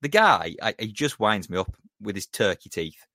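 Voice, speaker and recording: Male co-host, low pitch, dry close sound, blunt and sweary. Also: normal speed, a bit bright, no echo. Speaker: podcast co-host. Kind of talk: casual sports chat.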